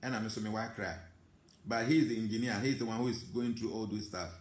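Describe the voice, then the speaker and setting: A man's voice: fairly low pitch, fast, echoey room. A Ghanaian man with an accent, a spiritual teacher reading out viewer comments and answering them in an emphatic live talk. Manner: mixes English with Twi, animated and emphatic.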